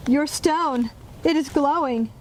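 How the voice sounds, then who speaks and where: Lady doing a calm serious mermaid, kinda high voice, measured. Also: slight background noise. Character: serious, reserved young mermaid.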